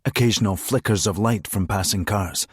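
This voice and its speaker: A man narrating a crime thriller audiobook in a measured, steady reading voice. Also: fairly low pitch, breathy edge, no echo, clean studio sound. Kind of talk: scripted narration.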